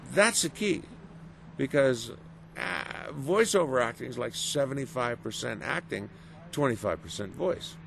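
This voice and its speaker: Gravelly middle-aged guy telling stories in an interview, acts out what people say, noisy spot. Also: mid-range voice, moderate pace. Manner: animated storyteller, acts out quoted reactions. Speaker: voice actor guest. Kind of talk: casual interview. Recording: noisy background.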